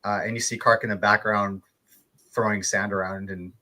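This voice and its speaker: A man narrating a tabletop game as game master, relaxed, with filler words and chuckles. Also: on the low side, normal speed. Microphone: online stream call.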